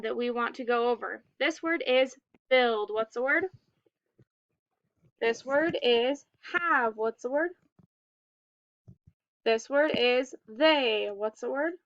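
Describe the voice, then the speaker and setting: A woman with a high, bright and smooth voice leads a phonics lesson for young children. She speaks slowly and enunciates each word with care. The recording is a little dull, like a lo-fi home setup. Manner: slow, deliberate, clearly enunciated word prompts. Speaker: teacher.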